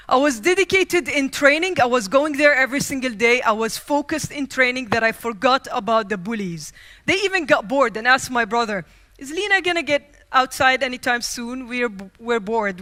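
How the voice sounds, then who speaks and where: A young woman from the Middle East giving a humorous storytelling keynote speech, acting out scenes as she goes. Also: a little high. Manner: lively, acts out scenes and quotes. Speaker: keynote speaker. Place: conference stage.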